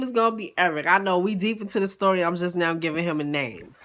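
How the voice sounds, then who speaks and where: A young woman from Queens, telling a story in a blunt, profane, animated way. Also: fairly low pitch, a little fast. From Queens, New York. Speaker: vlogger. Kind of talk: casual storytime.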